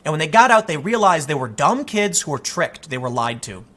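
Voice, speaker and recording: A man in his thirties giving a casual opinion monologue as a commentary host, animated and telling stories with quoted asides. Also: a little high, fairly quick.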